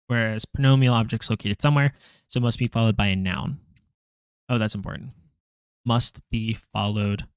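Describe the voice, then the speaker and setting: A man working through a language lesson out loud, halting, correcting himself and making wry asides. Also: fairly low pitch, clear, resonant tone, dry recording, studio quality. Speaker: language learner vlogger. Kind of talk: thinking-aloud study session.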